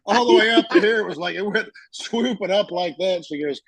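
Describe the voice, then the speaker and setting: A man in casual chat as a podcast co-host, telling animated stories and acting out quotes with frequent swearing. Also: high voice, a little fast, slightly rough, no room sound, low-quality recording. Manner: animated storyteller, swears freely, acts out quotes.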